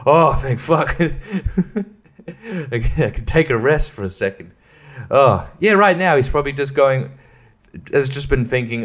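A man's voice: medium pitch, expressive, measured pace, pauses often, a bit bright. A man hosting a casual solo podcast, rambling and swearing freely, often breaking into laughter. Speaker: podcast host.

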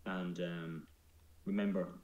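A man's voice: deep voice, level tone, slow pace, darkish tone, reverberant, lo-fi sound. A man chatting casually on a live stream, joking and teasing himself. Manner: playful, joking, self-mocking.

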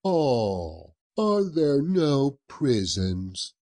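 A man voicing a grumpy, scornful old miser in a storybook reading, with drawn-out, high, strained retorts. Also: sing-song, darkish tone, heavily acted. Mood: curt. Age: older. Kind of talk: audiobook character voice.

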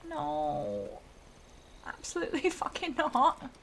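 Playing a game on a live stream, a woman chats and swears to herself. Her voice is high, with wildly swooping pitch and a slow pace, and there's a little hiss or hum in the audio.

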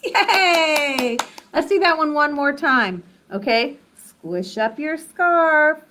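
A woman hosting a children's sing-along activity lesson, who talks slowly and encouragingly, straight to young children at home. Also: high voice, animated, sharp tone. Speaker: children's program host.

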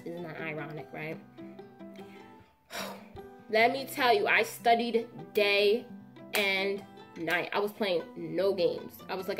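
A young adult woman telling a casual storytime vlog in a dramatic, animated way, full of slangy asides. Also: medium pitch. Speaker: vlogger.

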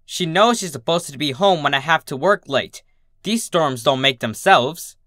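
Raging domineering pony mom, man voicing her, growly and shouty, kinda high and sharp. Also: animated, moderate pace, no echo, clean studio sound. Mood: cold. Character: furious, domineering mare mother.

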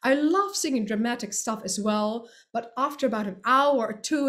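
A woman's voice: a little high, lively intonation, normal speed, fairly bright tone. A woman who is a singer and voice teacher, giving a friendly, explanatory and lightly playful recorded presentation lesson.

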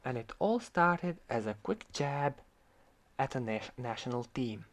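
A man's voice: mid-range voice, animated, measured pace. A man from Croatia, ranting in sarcastic, heated commentary about an online argument and swearing freely. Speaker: vlogger.

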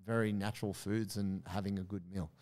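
A man's voice: fairly low pitch, level tone, fairly quick, a little mellow. A man, telling a story in casual podcast chat with many fillers and quoted asides. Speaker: podcast co-host.

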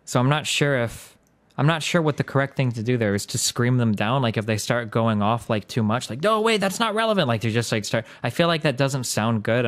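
A man hosting a livestream, talking casually and rambling, correcting himself often and filling gaps with "like" and "um". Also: medium pitch. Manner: rambling, self-correcting, lots of "like" and "um". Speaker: streamer and debate host.

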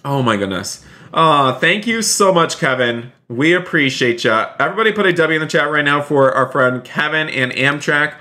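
A male streamer giving excitable, gushing live-stream role-play commentary, often jumping into high squeals. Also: normal speed.

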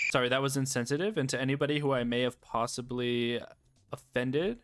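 A man casually commentating his gameplay, excitable, often laughing and yelping at what happens on screen. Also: mid-range voice, moderate pace. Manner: excitable, laughs and yelps at the game. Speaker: gaming YouTuber.

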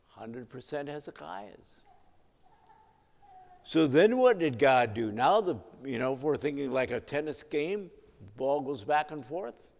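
A male pastor preaching an evening sermon, telling the story in a measured way and letting his voice swell and drop for emphasis. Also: medium pitch, gravelly. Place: church sanctuary. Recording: long hall reverb.

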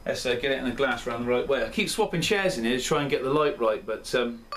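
A man hosts his own beer review in a loose, rambling chat, often poking fun at himself. His voice sits at an ordinary middle pitch. A faint hum of room noise runs behind him. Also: fast, a bit bright. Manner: rambling, chatty, self-deprecating. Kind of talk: casual chat. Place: indoor room at home.

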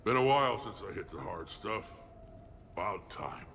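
An actor playing a hungover young male krogan warrior with a deep gravelly growl, for a video game. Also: lively intonation, normal speed, fairly bright tone, soft background music. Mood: groggy.

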